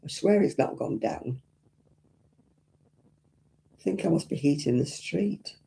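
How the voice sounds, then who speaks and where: A woman's voice: low voice, lively intonation, slow pace, gravelly, mellow. A woman chatting casually and homely to her live-stream viewers as she crochets, rambling and yawning often. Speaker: craft live-stream host.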